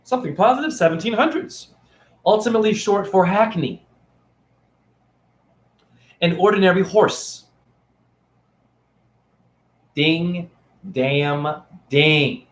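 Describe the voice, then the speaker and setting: A man's voice: high voice, expressive, measured pace, pauses often, roomy sound. A man in a rambling, playful, preachy teaching monologue, filmed on his phone. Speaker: spiritual teacher. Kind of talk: casual teaching monologue to camera. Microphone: phone camera.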